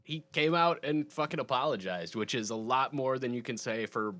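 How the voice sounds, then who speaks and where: A man co-hosting a comedy podcast, quick to laugh and to jump in with jokes. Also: mid-range voice, fairly bright tone. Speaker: podcast co-host. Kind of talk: casual comedy podcast banter.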